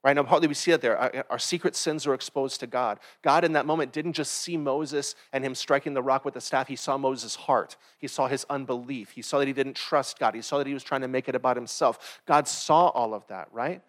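A man's voice: mid-range voice, fairly even intonation, a little fast, few pauses. A man preaching a sermon in a conversational way, often checking in with "right?" and acting out brief quotes. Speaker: pastor.

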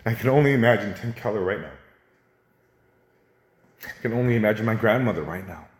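A man with a lowish voice preaching a sermon in an earnest, conversational way. He talks straight to the congregation and builds into animated, higher stretches. The sound is roomy, as if caught in a sanctuary. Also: brisk. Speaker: pastor.

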